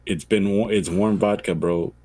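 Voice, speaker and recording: A man with a low voice tells a rambling story in a loose, casual podcast chat. He swears freely and acts out the people in his story. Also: fairly even intonation, moderate pace, warm tone, slightly rough, no room sound. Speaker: podcast co-host.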